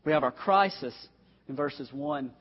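In a dull, echo-filled recording from a reverberant church sanctuary, a pastor preaches with a slightly rough, higher-than-average voice. His pace is measured, and he speaks to the congregation in an earnest, direct way.

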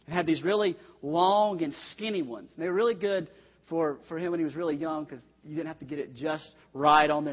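A man preaching in a church, his voice a little husky and pitched somewhat high. He speaks with earnest, direct appeals to the people in front of him. The sound is dull and carries a long reverb from the hall. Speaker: pastor. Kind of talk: sermon. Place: church sanctuary.

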